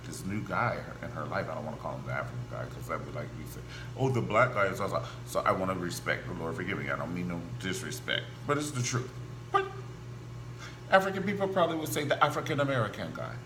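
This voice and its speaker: A man hosting a gossip show, talking in a campy, animated style full of asides and exaggerated voices. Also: low-pitched, fast. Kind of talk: casual celebrity gossip monologue. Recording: echoey room with faint hum.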